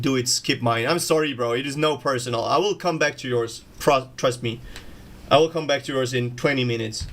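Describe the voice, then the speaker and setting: A man's voice: medium pitch, fairly bright tone. A man chatting casually on a music production livestream, slangy and swearing, calling everyone bro. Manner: slangy, swears freely, says "bro" a lot.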